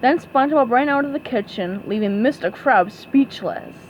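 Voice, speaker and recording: Woman reading a storybook out loud, high voice, really lively. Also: normal speed, highs cut off, slight background noise. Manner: animated, expressive reading. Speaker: storybook reader. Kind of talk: storybook read-aloud narration.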